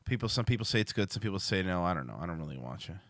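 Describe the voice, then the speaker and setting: A man with a bright, lively voice that swings up and down a lot, talking to viewers on his livestream. He rambles and swears freely, and he trips over his own restarts. The sound is dry and close. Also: sits low, rapid-fire, no echo. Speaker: livestream show host. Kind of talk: casual livestream chat.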